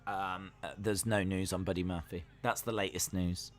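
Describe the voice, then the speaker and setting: A man's voice: sits low, fairly even intonation, normal speed, hardly any pauses. A young man hosting a live stream, casually reacting to a wrestling show and reading chat messages aloud. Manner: chatty, jokey, talks to chat while watching.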